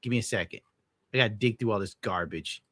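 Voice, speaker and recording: Man, young adult, streamer, bitter crude rant, bright forceful voice, dry close sound. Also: on the low side, quick pace, no room sound. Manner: bitter, crude, heavy swearing. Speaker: streamer reacting to clips. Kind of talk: casual ranting commentary.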